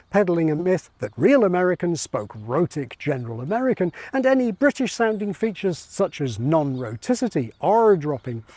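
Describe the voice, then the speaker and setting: A man giving scripted educational narration, measured and explanatory with a light ironic edge. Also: on the high side, darkish tone, no echo. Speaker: video essayist on accents.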